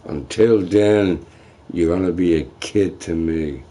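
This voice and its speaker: A young man rants to his live chat in a foul-mouthed, trash-talking manner. His voice sits fairly low and he drawls slowly through it. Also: dark tone. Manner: profane, trash-talking, ranting. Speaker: streamer. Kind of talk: livestream rant to chat.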